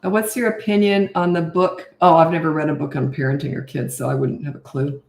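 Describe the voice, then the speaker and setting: An older woman answers viewers' questions as a parenting coach, speaking casually and bluntly with lots of "um" and "you know". Her voice sits a little low for a woman. The room around her sounds echoey. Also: steady tone, brisk, gravelly, darkish tone. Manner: casual, chatty, direct, many fillers. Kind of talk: live Q&A, reading and answering comments.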